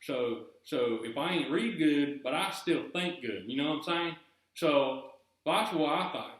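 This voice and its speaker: A man's voice: on the high side, expressive, unhurried, pitched above the performer's own voice. A man putting on a drawling country good old boy. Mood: folksy boastful. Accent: eastern North Carolina. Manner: exaggerated drawl with bad grammar. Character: folksy rural Southern country man, proud and plainspoken. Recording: very echoey room.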